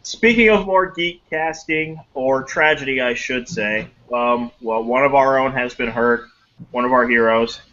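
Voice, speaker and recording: A man's voice: medium pitch, a little slow. A man hosting a casual geek news podcast, telling stories animatedly. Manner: animated storyteller who acts out quotes. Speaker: podcast host. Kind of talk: casual chat. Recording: dull lo-fi audio, faint hiss.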